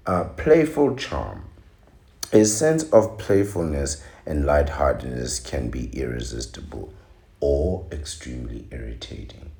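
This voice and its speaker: A man's voice: extremely low pitch, animated, unhurried, gravelly, dark tone, roomy sound. A man hosting a podcast, giving an opinionated, mocking monologue with repeated exclamations. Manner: ranting, mocking, repetitive exclamations. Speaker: podcast host.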